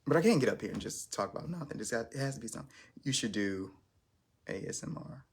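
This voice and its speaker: A man's voice: mid-range voice, lively intonation, fast talker, husky. A man hosting his first live stream, chatting casually in a rambling, self-conscious way with lots of restarts.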